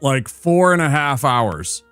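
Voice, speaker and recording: A man's voice: mid-range voice, sing-song, slow, a bit bright, clear, resonant tone, no echo, faint music behind. A man streaming and commenting on a game in a playful, teasing, chatty manner. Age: adult. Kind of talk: casual gameplay commentary.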